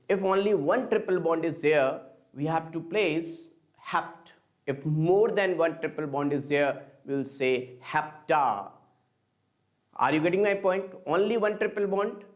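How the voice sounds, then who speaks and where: Male teacher, live online lecture, slow deliberate delivery, slightly high voice, repetitive. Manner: slow, repetitive, addresses students as kids. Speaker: chemistry teacher.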